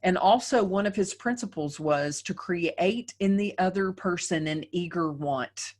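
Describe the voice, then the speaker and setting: A woman's voice: on the low side, measured pace, hardly any pauses. Chatty middle-aged woman lecturing a webinar. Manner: conversational, often tags sentences with "right?". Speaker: dental practice trainer.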